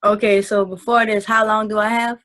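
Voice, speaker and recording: A woman's voice: mid-range voice, flat delivery, fairly quick, fairly bright tone, poor audio. A woman giving a casual testimonial on a video call, earnest and rambling, with lots of fillers. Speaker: team member sharing takeaways.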